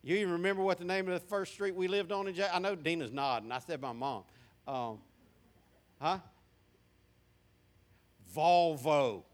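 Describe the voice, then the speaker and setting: A man in his fifties preaches with a Southern American accent. His voice sits a touch high for a man, and he tells his story in a folksy, joking way. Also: steady tone, normal speed, pauses often. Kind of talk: sermon.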